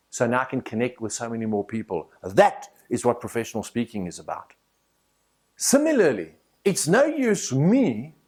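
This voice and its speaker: Animated South African man teaching speaking. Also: fairly high pitch. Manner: animated storytelling, direct and confiding. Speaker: motivational speaker. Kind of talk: speaking course lecture.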